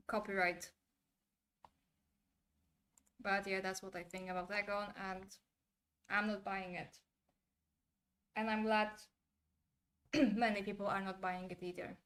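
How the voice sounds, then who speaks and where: Woman, casual commentary, frank opinions, lively bursts of imitation. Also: medium pitch. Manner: candid, animated when imitating actors.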